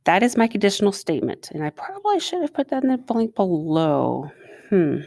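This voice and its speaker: A woman's voice: medium pitch, very animated, brisk, creaky, darkish tone, dry recording, clean studio sound. A woman teacher talking students through a recorded math lesson, chatting and asking them questions as she writes. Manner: chatty, asks students questions while writing.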